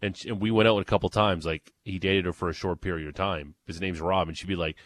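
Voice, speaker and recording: A man's voice: low voice, fairly even intonation, quick pace, fairly bright tone, slight background noise. A man from Western New York hosting a radio show, bantering loosely and laughing often. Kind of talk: casual studio banter.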